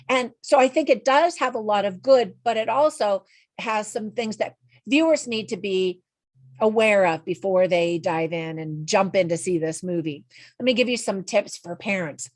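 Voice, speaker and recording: A woman's voice: medium pitch, dry recording. Chatty woman reviewing a movie, dry sound. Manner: chatty, frank, laughs at her own asides. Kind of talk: casual spoken movie review.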